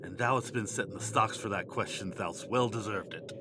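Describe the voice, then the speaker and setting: An actor playing a sly, mocking court jester who speaks in sing-song rhymes and teasing quips. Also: male voice, on the low side, a little fast, bright, forceful tone, slight background noise.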